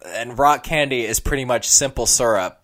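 A man co-hosting a casual chat, telling an animated story and slipping into character voices. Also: mid-range voice, moderate pace. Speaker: podcast co-host.

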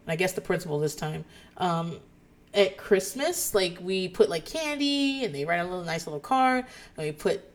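A woman in her thirties hosting a podcast, telling a rambling personal story in casual chat, swearing freely and laughing often. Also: medium pitch. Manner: profane, animated, laughs often. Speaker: podcast host.

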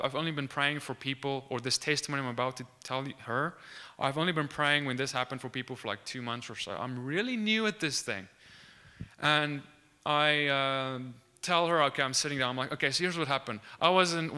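A man's voice: on the high side, bright, forceful tone, smooth. A young man earnestly telling a faith testimony from his student days, acting out the dialogue and often restarting his sentences. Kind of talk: animated testimony storytelling.

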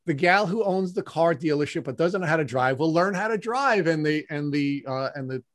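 A man's voice: on the high side, no room sound, studio quality. A man hosting an interview, talking earnestly with frequent restarts and repeated words. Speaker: podcast host. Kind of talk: interview conversation.

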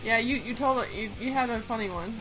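A woman's voice: fairly high pitch, fast talker, music in the background. A woman co-hosting a gaming podcast, chatting casually, teasing and laughing often. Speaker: podcast co-host.

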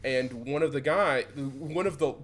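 A man's voice: mid-range voice, measured pace, fairly bright tone. A young man from Michigan co-hosting a podcast, rambling and swearing as he tells old work stories with laughs. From Southeast Michigan. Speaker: podcast co-host. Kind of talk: casual chat.

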